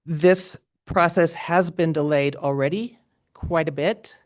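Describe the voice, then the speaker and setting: A woman giving a measured, formal public comment at a meeting, speaking precisely. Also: low voice, fairly even intonation.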